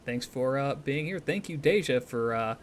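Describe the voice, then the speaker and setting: A man's voice: mid-range voice, expressive, normal speed, a little hiss or hum. A man streamer talking casually and animatedly to his viewers, swearing freely as he rambles through opinions and sign-offs.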